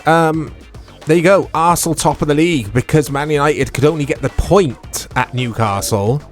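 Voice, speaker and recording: A man giving casual let's-play commentary on a football video game, reacting excitably to the play. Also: fairly high pitch, moderate pace, faint music behind. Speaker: gaming YouTuber.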